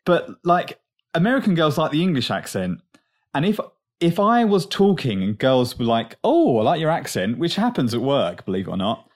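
A man from Northern Ireland co-hosting a casual podcast, ranting in an animated, exasperated way. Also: medium pitch, moderate pace. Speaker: podcast co-host. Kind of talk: casual recap chat.

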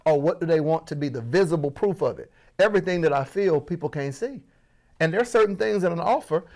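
A man from Florida coaching on business, talking to the audience as family with a playful, animated delivery. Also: a little high, quick pace. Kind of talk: energetic motivational teaching.

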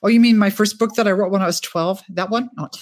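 A woman author chatting in an interview, telling lively stories about her books and life. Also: medium pitch, quick pace, dry recording, clean studio sound. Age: older. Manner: chatty, animated storyteller. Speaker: author guest. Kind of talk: casual interview chat. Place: home, West Coast.

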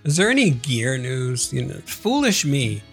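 A man's voice: medium pitch, big pitch swings, unhurried, vocal fry, faint music behind. A man co-hosting a podcast in casual chat, chatty and laughing along. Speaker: podcast co-host.

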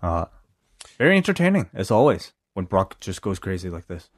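A man co-hosting a casual podcast, reacting with animated comments and frequent restarts. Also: low voice, normal speed. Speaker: podcast co-host. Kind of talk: casual chat.

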